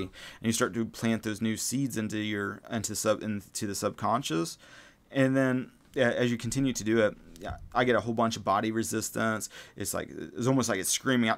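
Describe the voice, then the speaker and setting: A man's voice: fairly low pitch, moderate pace, gravelly. A man hosting a spiritual self-help podcast, talking casually and rambling, with many fillers and restarts and the odd swear word. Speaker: podcast host.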